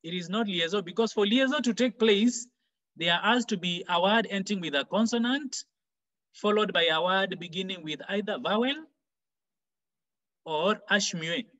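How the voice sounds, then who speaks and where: A man teaching a French lesson for exam preparation, explaining slowly and repeating example phrases. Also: high voice, fairly bright tone, low-quality recording. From Kenya. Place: online class.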